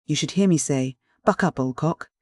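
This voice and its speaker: A reader voicing a detective disguised as an old professor, speaking slow and dismal in an audiobook. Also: medium pitch, mellow, no room sound, studio quality, lightly acted. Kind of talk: audiobook reading.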